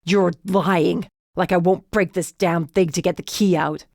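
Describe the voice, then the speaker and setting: A woman's voice: fairly low pitch, fairly even intonation, measured pace, creaky, a little mellow, dry recording, clean studio sound. A woman voicing a bitter, resentful grown man holding a gun, spitting his words through gritted teeth. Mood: furious.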